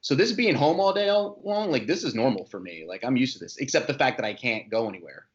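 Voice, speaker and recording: A man's voice: mid-range voice, expressive, fast talker, muffled recording. A man who is a guest on a podcast, talking in an easygoing, conversational way with frequent asides. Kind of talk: casual podcast chat.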